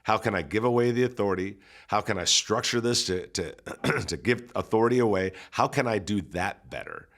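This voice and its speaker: A man's voice: lowish voice, a little fast, hardly any pauses. A man, a pastor and church coach, talking in a casual coaching conversation and telling stories with acted-out quotes. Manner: animated storyteller who acts out quoted people.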